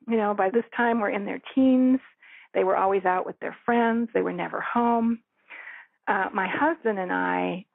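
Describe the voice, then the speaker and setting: Gravelly middle-aged woman on a phone line. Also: medium pitch, no room sound. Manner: earnest, reflective, with small laughs. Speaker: radio host. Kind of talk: personal storytelling. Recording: thin phone-line audio, dry.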